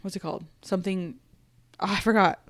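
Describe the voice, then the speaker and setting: A woman's voice: mid-range voice, fairly even intonation, brisk. Rambling woman sister co-host. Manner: rambling, gets emotional and laughs while retelling. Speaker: podcast co-host. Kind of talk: casual chat.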